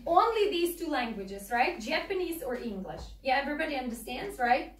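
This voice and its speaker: This teacher's high voice swings widely in pitch while she speaks at normal speed. Originally from Ukraine, she has a Ukrainian accent and is a native Russian speaker, peppering her lesson with fillers and "okay?" checks. The room echoes and the mic is far away.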